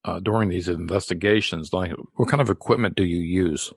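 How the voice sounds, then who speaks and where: A man hosting a podcast, asking halting interview questions with many fillers. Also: deep voice, vocal fry, breathy edge, dry recording. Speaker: podcast host.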